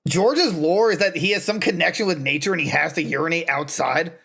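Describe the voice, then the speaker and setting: High-voiced joking young man. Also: a little fast, vocal fry, bright, forceful tone, slight background noise. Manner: rambling, joking, laughs often. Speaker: podcast co-host. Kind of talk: casual gaming podcast chat.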